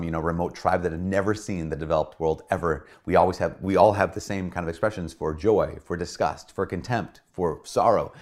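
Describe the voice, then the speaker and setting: A man, a priest, giving a casual teaching talk in a conversational, animated way. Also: low voice. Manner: conversational, animated, acts out quoted voices. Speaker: Catholic priest.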